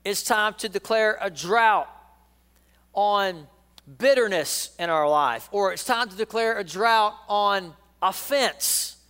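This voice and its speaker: High, smooth-voiced middle-aged man preaching. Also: slow pace, a bit bright, big-room sound. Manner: folksy and joking, calls the congregation to repeat lines. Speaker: pastor. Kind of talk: sermon.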